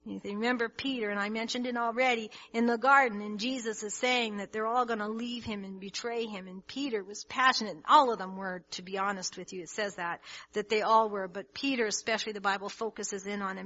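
Bright-voiced woman preaching a sermon. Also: a little high, brisk, muffled recording. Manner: earnest, emphatic, with many restarts and rising intensity. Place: church hall with congregation.

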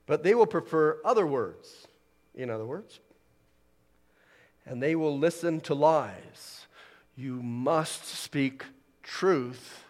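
A man preaching a sermon, swinging from loud emphatic declarations to hushed, near-whispered lines. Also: on the high side, animated, slow. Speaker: pastor. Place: church hall. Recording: long hall reverb.

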